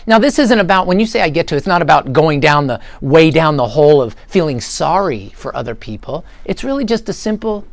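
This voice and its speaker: A man's voice: fairly high pitch, a little fast, gravelly, few pauses, no room sound. A middle-aged man giving an earnest motivational talk to a live audience, acting out little quotes as he goes. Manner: animated and earnest, acts out quotes. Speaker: motivational speaker.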